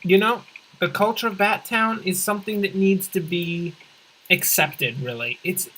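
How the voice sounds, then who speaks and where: Let's play host, bright edgy tone, middling pitch; deadpan rambling jokester who backpedals mid-thought. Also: measured pace, poor audio. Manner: rambling deadpan absurd humor, often correcting themself; swings in pitch and pace for comic emphasis. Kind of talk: casual gameplay commentary.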